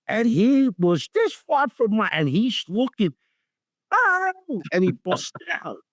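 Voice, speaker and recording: An older man, an actor guest on an interview show, telling lively anecdotes and acting out the dialogue in them. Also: high-pitched, unhurried, dry recording, clean studio sound. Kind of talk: storytelling interview.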